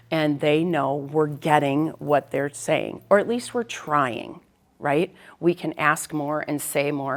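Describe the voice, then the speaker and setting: A middle-aged woman school counselor giving a practical, conversational talk to parents and often checking in with "right?". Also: sits low.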